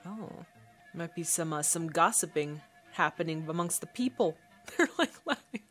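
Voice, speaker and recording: A woman's voice: deep voice, lively intonation, normal speed, a bit bright, faint music behind. Chatty woman hosting a movie reaction. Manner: chatty, thinking aloud between film scenes. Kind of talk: casual movie reaction commentary.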